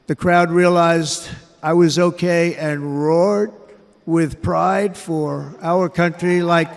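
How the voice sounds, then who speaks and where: An American man in his seventies giving a speech to a rally crowd in a large indoor arena, measured and emphatic, repeating his phrases. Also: a little high, steady tone, gravelly. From United States. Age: 70s. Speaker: political candidate. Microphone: podium microphone. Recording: echoey arena with crowd noise.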